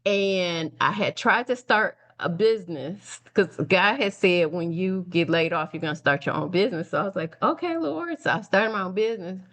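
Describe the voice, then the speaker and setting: A middle-aged woman from Detroit telling her story as an interview guest, acting out the voices of people she quotes and laughing easily. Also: on the low side. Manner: animated, acts out quoted dialogue, laughs easily. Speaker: guest, nonprofit founder and speaker. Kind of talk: conversational storytelling.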